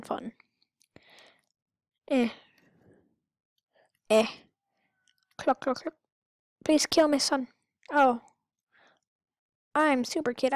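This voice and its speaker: In a slow, drawn-out let's-play, a higher-pitched woman talks through her gameplay, rambling into goofiness with abrupt squeaky outbursts. The audio is completely dry, lacking any room sound.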